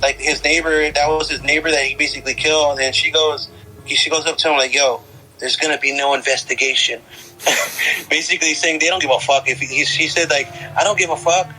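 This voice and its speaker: Bright-voiced young man chatting casually. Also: on the high side, poor audio. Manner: rambling, swears often, says dude a lot. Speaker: podcast co-host. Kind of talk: casual film discussion.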